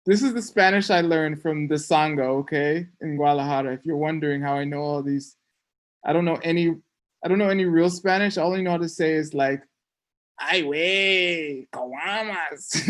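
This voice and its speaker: Playful joking teacher checking in often. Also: medium pitch. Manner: playful, joking, frequent "okay?" check-ins. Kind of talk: casual online class lecture.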